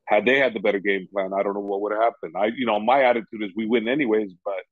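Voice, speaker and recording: A man's voice: on the low side, fairly even intonation, rapid-fire, dry recording. A man who coaches fighters, speaking in a casual interview, rambling and repeating "you know" often. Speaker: MMA coach. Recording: dull lo-fi sound.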